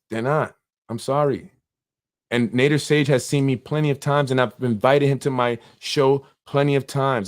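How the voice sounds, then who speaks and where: A man, the host of a local political show, talking in a fired-up, blunt and rambling way. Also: medium pitch. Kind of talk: heated political commentary.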